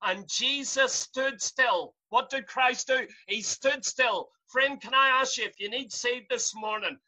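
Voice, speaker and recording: A man's voice: very high-pitched, measured pace, bright, forceful tone, poor audio. A man preaching a sermon from home over a video call, fervent and pleading, rising to cries.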